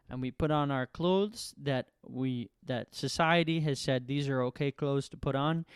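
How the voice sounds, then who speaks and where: A man's voice: mid-range voice, smooth, no echo, clean studio sound. A male comedian working out a rambling comic monologue to camera, questioning himself and laughing at his own jokes.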